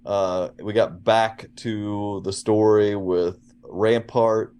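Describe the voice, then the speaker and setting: A man's voice: lowish voice, steady tone, slow, mellow, clean tone. A man co-hosting a casual pop culture podcast, recapping episodes in an easygoing, teasing way. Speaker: podcast co-host.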